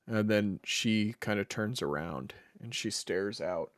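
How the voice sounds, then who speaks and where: A man's voice: on the low side, unhurried, few pauses, no echo, studio quality. A man narrating a tabletop game as dungeon master, casual and hesitant, with many fillers.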